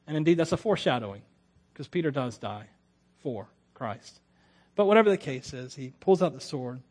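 A man preaching a sermon as a pastor, telling the story with lively humor and frequent stammering restarts. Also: mid-range voice, moderate pace. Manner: animated, acts out quotes with humor, stammering restarts.

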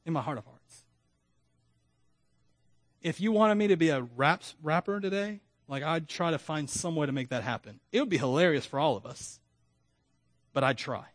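A man preaching a sermon as pastor, animated, with humorous asides and self-deprecating jokes. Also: a little high, a little fast, no echo, clean studio sound. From Florida.

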